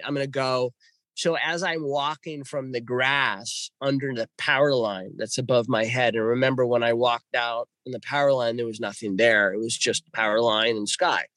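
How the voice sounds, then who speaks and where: A man guest telling a story in an excitable way, swinging between hushed and loud. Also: mid-range voice, dry recording. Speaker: podcast guest. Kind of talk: animated storytelling.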